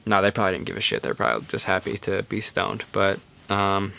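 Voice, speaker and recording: Laid-back rambling young man, low voice. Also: very animated, fairly quick, creaky, bright, forceful tone. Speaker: podcast host. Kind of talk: casual storytelling monologue.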